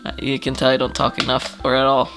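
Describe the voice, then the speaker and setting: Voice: mid-range voice, monotone, fast talker, a bit bright, soft background music. An artist casually flipping through a sketchbook, rambling, swearing, laughing often and trailing off, with a slightly stuffy nose.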